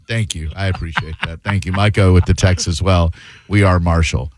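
A man's voice: deep voice, fairly even intonation, normal speed, slight background noise. A man hosting a casual radio talk show, talking loosely and rambling, trailing off with "uh" as he thinks. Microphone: studio microphone.

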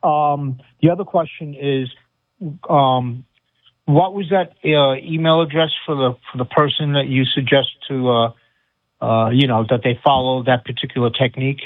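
A man's voice: mid-range voice, fairly even intonation, moderate pace, no echo. Hesitant male caller on a phone line. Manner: hesitant, many fillers. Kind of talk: call-in question.

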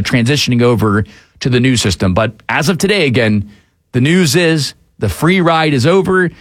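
A man's voice: mid-range voice, no echo. A man hosting a talk show, giving casual, opinionated commentary on the news with frequent fillers. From Atlanta area, USA.

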